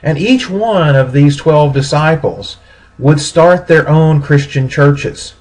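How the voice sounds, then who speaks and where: Male lecturer, slightly raspy voice, measured teaching delivery with restarts. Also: a little high, low-quality recording. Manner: steady explanatory pace with pauses and self-corrections. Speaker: history lecturer. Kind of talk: recorded classroom lecture.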